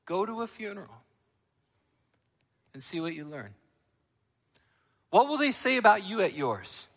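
Man, pastor, sermon, emphatic, loud and quiet turns, long hall reverb. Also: high-pitched, big pitch swings, a little slow, slightly rough.

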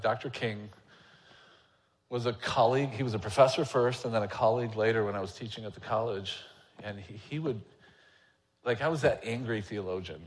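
A man's voice: on the low side, long reverb tail. A man, an elder preaching a sermon, talking candidly and conversationally with a self-deprecating manner. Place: church sanctuary.

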